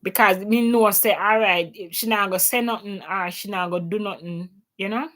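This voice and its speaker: Her pitch is medium, her pace fairly quick, and her tone fairly bright. She's a Jamaican livestream host living in Canada, chatting casually about her views at home while mixing emphatic patois into her English.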